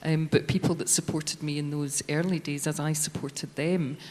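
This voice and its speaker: A woman's voice: low voice, fairly even intonation, moderate pace, darkish tone. A woman speaking as a panellist in a debate, assured but often hesitating. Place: large hall. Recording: long hall reverb.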